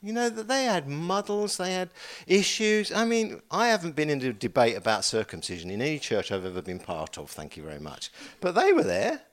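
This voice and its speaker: A male pastor preaching a sermon in an animated, chatty way, with asides and dramatic emphasis. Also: fairly high pitch, brisk, hardly any pauses.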